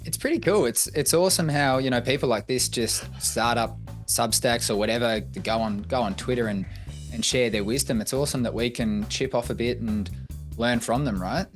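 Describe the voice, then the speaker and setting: A man's voice: medium pitch, normal speed, soft background music. A man co-hosting a podcast, friendly and a little self-deprecating as he asks questions. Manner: friendly, a bit self-deprecating, laughs easily. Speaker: podcast co-host. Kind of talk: casual chat.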